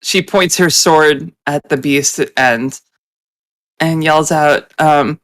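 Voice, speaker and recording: A woman's voice: sits low, takes it slowly, dry recording, clean studio sound. A woman playing a tabletop game, hesitant and thinking aloud as she decides her turn. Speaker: player. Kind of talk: casual play at a tabletop game.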